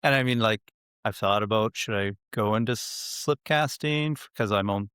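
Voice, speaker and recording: A man who makes pottery, a guest in an interview, talking in a relaxed, plain-spoken way and laughing lightly. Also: on the low side, normal speed, smooth, no echo, clean studio sound. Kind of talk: casual interview chat.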